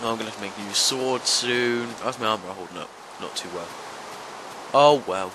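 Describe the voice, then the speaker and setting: A young man giving let's-play commentary, talking to the monsters and yelping and shouting whenever they hit him. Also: lowish voice, brisk, noisy background. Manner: talks to monsters, yelps and shouts when hit. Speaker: gaming channel host.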